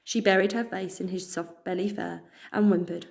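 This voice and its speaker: A woman with a British accent reading a children's chapter book aloud, expressive and cheerful. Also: lowish voice, moderate pace, vocal fry. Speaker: storyteller.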